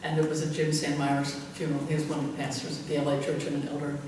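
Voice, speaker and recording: A woman's voice: sits low, monotone, fast talker. An older woman pastor tells stories in a rambling, chuckling manner, her talk full of fillers. She is picked up from a distance in a church hall with a long echo, and faint noise hangs underneath. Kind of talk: anecdotal storytelling in conversation.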